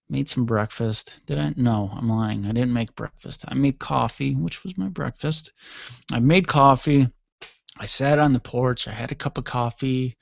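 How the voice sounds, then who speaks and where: A tired, yawning man hosts a radio show, rambling through a self-mocking story in a casual monologue. His medium-pitched voice has vocal fry and no room sound, captured on a studio microphone with a dull, dry, lo-fi quality.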